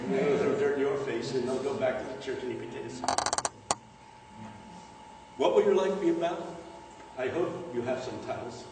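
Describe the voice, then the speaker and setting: A man's voice: medium pitch, moderate pace, pauses often, background noise. A man preaching a humorous sermon in a large church, building up phrases with rhythmic repetition. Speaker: guest preacher. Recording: echoey church hall, distant mic.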